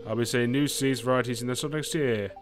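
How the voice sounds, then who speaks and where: A man's voice: mid-range voice, fairly even intonation, quick pace, music in the background, lightly acted. British man doing a chirpy shopkeeper voice. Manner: reads game dialogue in a bright put-on voice.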